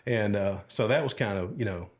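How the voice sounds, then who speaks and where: Folksy older man, low voice. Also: normal speed. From Alabama. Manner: folksy, rambling, with many fillers and asides. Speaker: podcast guest, retired sheriff's deputy. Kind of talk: casual storytelling interview.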